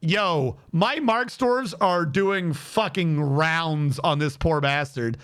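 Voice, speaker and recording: A man streaming a game with casual commentary, animated and exasperated, swearing freely and talking to chat. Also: high-pitched, unhurried, hardly any pauses, clean tone.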